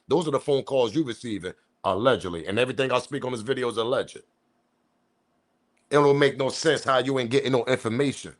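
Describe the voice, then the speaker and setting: Man, commentary host, ranting, profane, emphatic, mid pitch. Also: fairly quick. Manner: profane, emphatic, loud outbursts.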